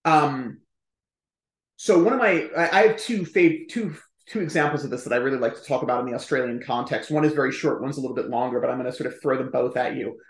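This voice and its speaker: A man speaking as a historian guest on a podcast, explaining at length in a chatty, emphatic way with quick asides. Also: mid-range voice, echoey room. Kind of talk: conversational podcast interview.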